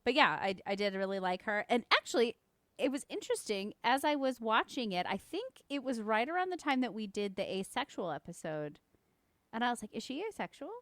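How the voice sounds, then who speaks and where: A woman's voice: on the high side, big pitch swings, a little fast, dry recording. A woman co-hosting a podcast in casual chat, talking animatedly and laughing often. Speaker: podcast co-host.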